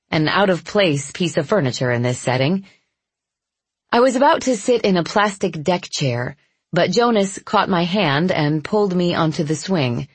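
A woman giving steady first-person narration of a novel in an even storytelling manner. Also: low-pitched, breathy edge, no echo. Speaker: audiobook narrator.

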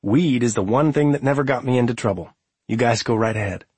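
A man's voice: medium pitch, fairly quick, darkish tone, husky, no echo, lightly acted. A man voicing a breezy, self-assured woman in a storybook reading.

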